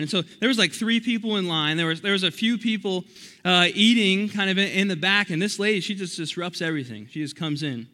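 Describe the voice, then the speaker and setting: A young man preaching as a youth pastor at a church youth service. He talks in an energetic, chatty way and often restarts his sentences while he tells stories. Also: high voice, brisk. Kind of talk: youth sermon with storytelling.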